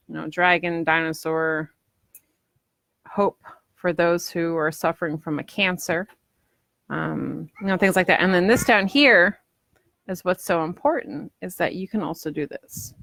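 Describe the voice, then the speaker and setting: A woman's voice: lowish voice, a bit bright, dry recording. A woman crafter chatting casually through a live demo at home, rambling and acting out what customers might say. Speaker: polymer clay crafter selling ornaments.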